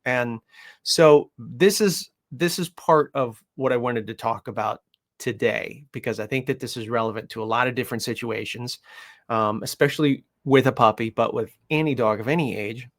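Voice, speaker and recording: Man, dog trainer, loose rambling chat, middle pitch, full of ums and restarts, softens to gentle coaxing. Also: normal speed. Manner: rambling, lots of fillers, coos softly when quoting himself to the puppy. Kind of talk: casual talk to camera.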